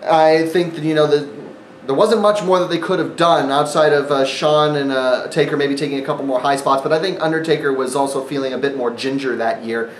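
A man talks through a casual review monologue in a sarcastic, rambling way, full of ums and uhs. His voice sits a touch high for a man. The recording is roomy, with faint ambient noise underneath. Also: steady tone, a little fast. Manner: sarcastic, rambling, frequent fillers. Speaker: wrestling event reviewer, channel host.

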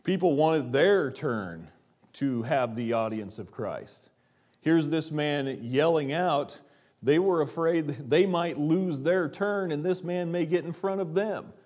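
A man's voice: fairly high pitch, slow pace. Man preaching a sermon, rising and falling. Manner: preaching with rhetorical questions, dropping to quiet emphasis. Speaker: pastor. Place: church sanctuary.

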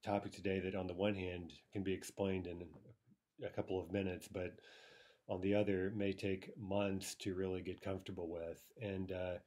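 Guy with a lowish voice teaching a lesson, keeps asking "right?", some uhs. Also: flat delivery, moderate pace, a little mellow. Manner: explanatory, frequent "right?" checks, some filler "uh". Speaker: language teacher. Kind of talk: recorded video lecture.

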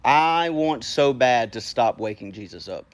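A man preaching a casual, animated sermon to a congregation, talking straight to them in a conversational way. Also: medium pitch, measured pace.

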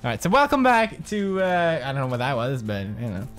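A young man in his twenties giving jokey, swear-filled let's play commentary on a horror game, dropping to low mutters and jumping to frightened yelps. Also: wildly swooping pitch, fairly quick, fairly bright tone, soft background music. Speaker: gaming commentator.

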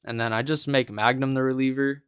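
A man's voice: medium pitch, fairly even intonation, a little fast, smooth, dry recording, clean studio sound. A man giving casual, exasperated gameplay commentary on a card game, slangy and calling everyone bro.

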